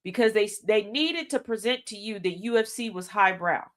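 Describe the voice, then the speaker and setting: A woman's voice: medium pitch, lively intonation, moderate pace, fairly bright tone. Woman radio host, opinionated monologue, emphatic, repeats herself for emphasis, slangy asides. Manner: emphatic, addresses listeners directly with rhetorical questions; repeats key lines for emphasis.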